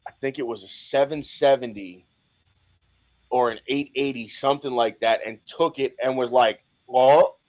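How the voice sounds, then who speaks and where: Brief: male podcast host, mid-pitched, casual and chatty. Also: steady tone, normal speed, a little mellow, rough recording. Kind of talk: casual chat.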